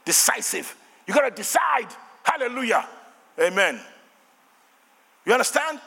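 Older nigerian pastor preaching hard, voice leaps all over the place, long echo from the church hall. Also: male voice, extremely high pitch, very animated, unhurried, vocal fry, long pauses, husky. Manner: fervent preaching with shouted refrains and call-and-response. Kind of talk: sermon.

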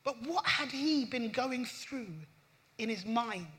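High, bright-voiced woman preaching. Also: slow pace. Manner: impassioned, rising pitch on emphasis. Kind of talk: sermon with scripture reading.

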